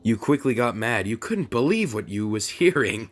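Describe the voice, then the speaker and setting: A man's voice: on the low side, sing-song, normal speed, hardly any pauses. A young man reading a fan story aloud for comedy, breaking off into sarcastic asides, laughing often and stumbling over words. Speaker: fan fiction reader.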